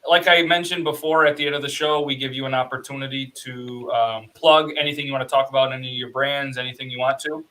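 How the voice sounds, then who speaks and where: A man hosting a casual podcast from his home studio, joking with quick asides as he reads out viewer comments. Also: mid-range voice, level tone, pushed and bright, low-quality recording. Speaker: podcast host. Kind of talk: casual chat.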